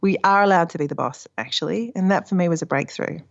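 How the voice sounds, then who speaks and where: A woman talks as a guest author, candid and anecdotal, with a lower voice. She tells her stories openly and swears freely. The line sounds slightly dull and lo-fi. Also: quick pace, creaky. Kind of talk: casual conversation.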